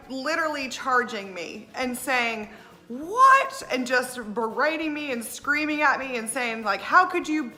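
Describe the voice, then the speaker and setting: A woman, a wedding planner telling stories in a casual, animated way, often laughing and acting out what others said. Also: sits high. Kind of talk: casual storytelling.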